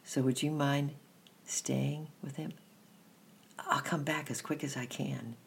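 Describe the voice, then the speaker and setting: A man voicing a gentle, anxious young boy in a storybook reading, earnest and stammering a little. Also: mid-range voice, steady tone, measured pace, vocal fry, slight background noise.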